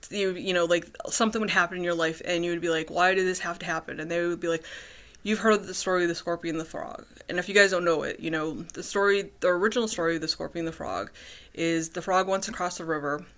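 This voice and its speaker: A woman's voice: lowish voice, fairly even intonation, fast, a bit bright. A woman vlogging in a casual, rambling way, with many fillers and restarts. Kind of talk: casual personal vlog.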